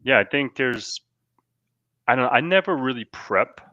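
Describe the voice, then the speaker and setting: A man hosting a podcast, talking in a relaxed, agreeable way. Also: mid-range voice, a little slow, dry recording, muffled recording. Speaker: podcast host. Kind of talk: casual chat.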